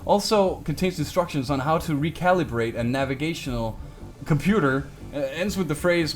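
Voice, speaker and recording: A man's voice: a little high, expressive, normal speed, soft background music. A young man streaming a game live, reading item texts aloud with joking asides. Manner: reads item text aloud with jokey asides. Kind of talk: live game playthrough commentary.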